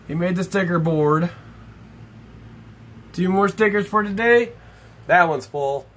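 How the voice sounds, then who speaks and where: A man opening fan mail on camera in an excited, gushing, exclamatory vlog chat. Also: sits high, takes it slowly, pauses often. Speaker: YouTube vlogger opening mail. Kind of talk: excited casual unboxing chat.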